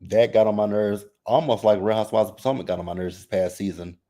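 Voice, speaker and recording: A man hosting a casual reality TV recap, reading chat comments and reacting in a sassy, animated way. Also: fast talker. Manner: sassy, animated, mimics cast members with exaggerated high voices; repeats phrases for emphasis.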